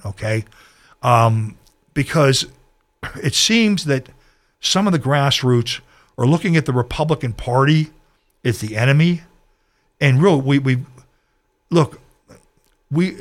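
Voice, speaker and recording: A local party official, a man, speaking passionately to viewers about politics and ranting a little as he goes. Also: medium pitch. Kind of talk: political talk addressing viewers.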